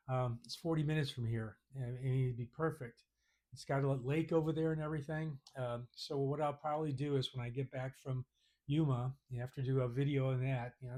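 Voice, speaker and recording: A man's voice: medium pitch, mellow. A man vlogging to his viewers in a rambling, casual chat full of fillers and restarts.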